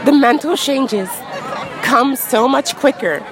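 A woman's voice: sits high, takes it slowly. Frank chatty woman on a busy street. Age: 30s. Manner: frank, chatty, peppered with "like" and laughs. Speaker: interview guest. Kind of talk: candid street interview. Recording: crowd noise outdoors.

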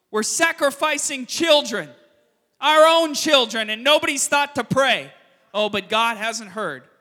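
A man preaching a sermon as pastor, telling the story with sudden loud emphasis and quiet, quick asides. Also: very high-pitched, big-room sound. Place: church sanctuary.

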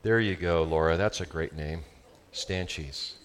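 A male pastor with a Southern California accent preaching a sermon, animated and joking with his congregation. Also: sits low, slow pace.

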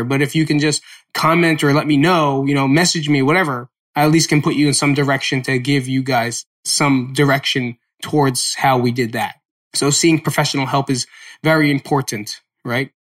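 A man's voice: mid-range voice, steady tone, moderate pace, a bit bright. A man in his forties from New Jersey hosting a solo podcast, talking candidly and rambling, with frequent swearing. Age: 40s. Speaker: podcast host.

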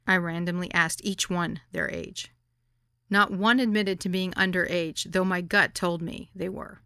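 A woman narrating her own memoir as an audiobook, wry and deadpan. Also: on the low side, a little slow, smooth, dry recording, studio quality.

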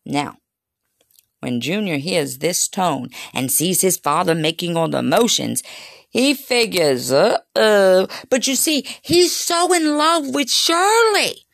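A woman's voice: fairly low pitch, animated, slow pace, vocal fry, a bit bright, no room sound, clean studio sound. A middle-aged woman telling a crude story in a casual, chatty way, talking straight to her listeners.

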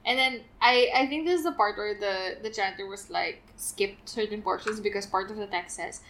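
A woman's voice: medium pitch, moderate pace, poor audio. A woman co-hosting a podcast, retelling an old epic in casual chat and acting out the characters' lines. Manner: animated retelling, puts on voices for quoted characters.

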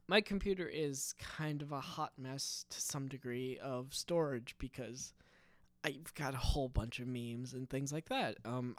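A man's voice: a little high, no echo, studio quality. A man rambling through a casual solo podcast at his home computer desk, wandering off on tangents, interrupting himself and giggling at his own stories. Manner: meandering, self-interrupting, giggly. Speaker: podcast host. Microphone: studio microphone.

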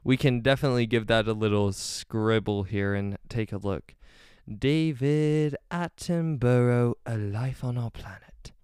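A man's voice: medium pitch, unhurried, darkish tone, clean tone, dry recording, clean studio sound. A young man hosting his own podcast, chatting casually and rambling off on side stories with lots of ums. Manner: rambling, easily sidetracked, frequent ums. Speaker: podcast host. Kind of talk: casual solo podcast chat.

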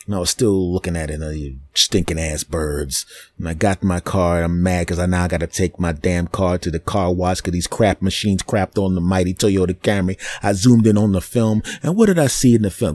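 A low-voiced male podcast host rants through a comic monologue in a mock-indignant way. The recording is close and dry. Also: warm tone, dry recording. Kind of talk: comedic monologue storytelling.

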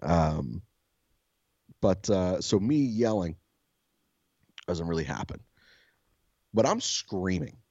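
Soft-spoken male podcast co-host, low voice, casual storyteller, swears a lot, dull dry mic. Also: sing-song, takes it slowly, gravelly, long pauses, breathy edge, dry recording. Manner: swears freely, laughs at himself.

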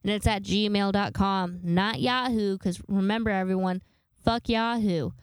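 A woman's voice: medium pitch, steady tone, measured pace, smooth, dry recording. A young woman hosting a casual solo podcast, rambling and self-deprecating with casual swearing, a little congested from a sinus infection. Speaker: podcast host.

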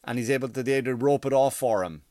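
A man's voice: medium pitch, fast, mellow, no room sound, clean studio sound, close to an everyday voice. A man putting on a boastful relative. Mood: boasting. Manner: boastful, admiring. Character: Indian family member bragging about a relative.

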